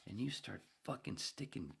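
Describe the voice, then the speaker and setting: A podcast host telling a rambling, swear-filled story about reading to a class, breaking into squeaky voices for the kids' reactions. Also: male voice, lively intonation, normal speed, a bit bright. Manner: gravelly, swears often, jumps into squeaky voices when quoting. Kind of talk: casual profane storytelling.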